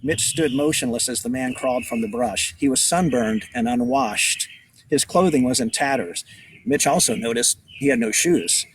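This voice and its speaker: Outdoors among trees by a beach, an author with a medium-pitched voice reads his book aloud to children at a moderate pace, adding casual asides. A distant outdoor mic picks him up along with birdsong.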